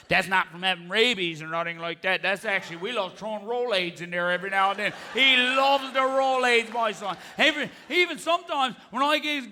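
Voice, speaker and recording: A man's voice: high voice, bright, forceful tone. A man playing a chatty, profane older Newfoundland man giving rambling directions, with a Newfoundland accent. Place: theatre stage.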